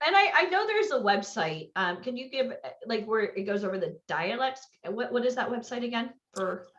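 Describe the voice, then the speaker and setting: A woman's voice: fairly high pitch, expressive, moderate pace, a bit bright, highs cut off. A woman interviewing a guest in a conversational way, asking open questions. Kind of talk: casual interview.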